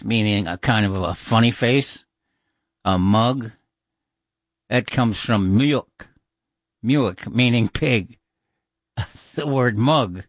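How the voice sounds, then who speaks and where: A man's voice: medium pitch, dry recording, studio quality. A man hosting a call-in radio show, chatting in a musing, informal way with many fillers.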